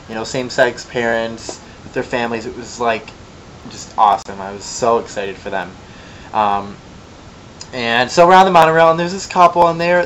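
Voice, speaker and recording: A man's voice: mid-range voice, slight background noise, rough recording. Chatty young man telling a gossipy story. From Michigan, US. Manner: chatty, gossipy, animated quoting with sassy asides. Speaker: vlogger. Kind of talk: casual storytelling vlog.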